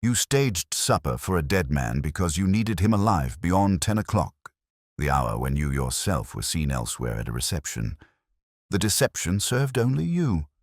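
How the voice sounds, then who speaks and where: A man's voice: low-pitched, very animated, no echo, clean studio sound, heavily acted. A man playing a cold, precise Victorian detective. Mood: accusing. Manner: cold, cutting, measured.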